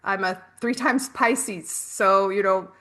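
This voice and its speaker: A woman's voice: mid-range voice, takes it slowly, fairly bright tone. A middle-aged woman hosting a spiritual workshop, telling chatty personal stories with casual swearing.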